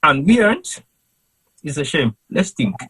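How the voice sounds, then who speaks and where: A man's voice: a little high, sing-song, unhurried, sharp tone, slightly rough, poor audio. A Sierra Leonean man with a Krio accent, a panelist on a call-in show, speaking in an emphatic, rhetorical, preaching way. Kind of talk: impassioned panel commentary. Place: cold home in London.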